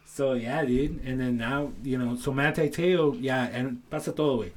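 A man's voice: medium pitch, fairly even intonation, moderate pace. A man co-hosting a podcast, telling stories in a laid-back, slangy way with plenty of swearing. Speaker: podcast co-host. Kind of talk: casual chat.

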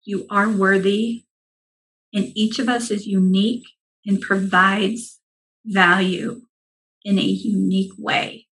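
Guest coach, woman, mid-pitched, earnest and reassuring, steady advice-giving. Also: slow pace, poor audio. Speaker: money mindset coach, guest.

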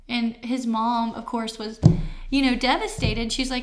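A woman in her thirties giving a personal testimony as an interview guest, emotional and halting with many fillers, near tears. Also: a little high, flat delivery.

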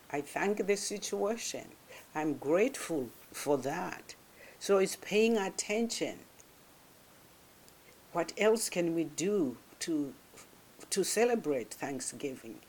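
A reflective motivational speaker talks slowly and gently, one short phrase at a time. The voice sits at a medium pitch, and there are frequent pauses and small restarts as the thoughts form. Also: big pitch swings, a little hiss or hum. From grew up in a village in another culture.

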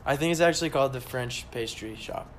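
A man's voice: medium pitch, fast, crowd noise. A young man chatting casually with students, giving encouraging career advice with lots of fillers. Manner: encouraging, upbeat, many fillers.

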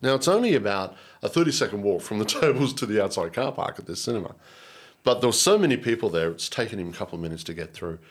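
Husky low-voiced Australian man. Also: quick pace. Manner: earnest and animated, repeats words, many restarts. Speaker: guest. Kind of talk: emotional personal storytelling.

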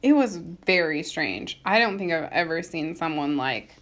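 A young woman co-hosts a casual chat, her voice rising and falling expressively. She laughs often and reacts warmly to the others. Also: sits low, lively intonation, measured pace. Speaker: podcast co-host.

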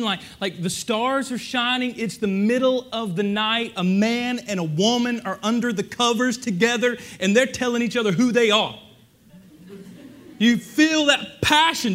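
A man preaching a sermon, animated and conversational, asking the congregation rhetorical questions. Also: high-pitched. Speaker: pastor.

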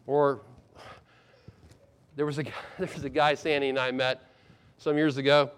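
A middle-aged man, a pastor, preaching a sermon with expressive delivery, acting out quoted lines and swinging between loud and hushed moments. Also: mid-range voice, a little slow, clean tone.

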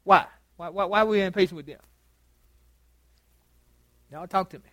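A pastor with a notably high-pitched man's voice talks to his congregation as much as he preaches at them. He jokes, repeats himself and trips over words. The sound is close and dry. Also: normal speed, a bit bright, dry recording. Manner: chatty and joking, stammers and repeats words, quizzes the congregation. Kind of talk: conversational sermon with open dialogue. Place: church meeting room.

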